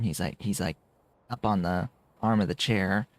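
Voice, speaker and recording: A man's voice: fairly low pitch, animated, a little slow, no room sound. A man streaming a game, chatting playfully and sometimes cooing to his cat in a sing-song voice. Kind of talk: casual live-stream commentary.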